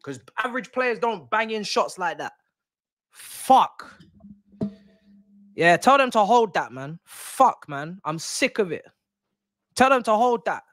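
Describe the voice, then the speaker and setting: Excitable young man, watch-along. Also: high-pitched, slow pace, pauses often, dry recording, studio quality. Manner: excitable, slangy, swearing, repeating himself. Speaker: streamer hosting a football watch-along. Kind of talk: live football watch-along reaction.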